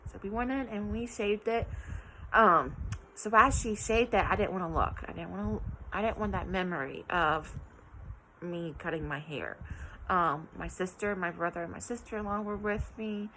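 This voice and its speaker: Chatty bright-voiced young woman vlogger. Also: medium pitch, moderate pace, slight background noise, low-quality recording. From West Virginia. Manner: chatty, many ums and likes, acts out quotes. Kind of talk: casual personal vlog.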